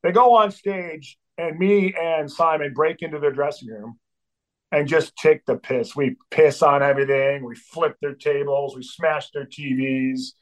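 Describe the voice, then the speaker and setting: A man's voice: on the high side, fairly even intonation, measured pace, poor audio. A middle-aged man, a band's drummer, telling a wild tour story as a guest, swearing freely and acting out the voices of the people in it. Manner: swearing, acts out voices in quotes. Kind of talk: animated storytelling.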